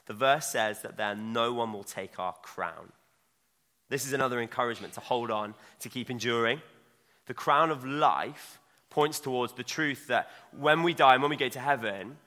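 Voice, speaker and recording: A man's voice: medium pitch, sharp tone. A young man preaching a sermon in a church, chatty and self-mocking as he talks. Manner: conversational, self-mocking asides. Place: church hall. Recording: long hall reverb.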